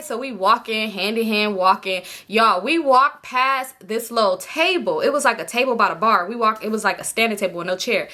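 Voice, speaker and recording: A young woman, telling a personal story to her viewers in a chatty, animated way and putting on quick voices for the people she quotes. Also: on the high side. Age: young adult. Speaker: storytime vlogger. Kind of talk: casual storytelling to camera.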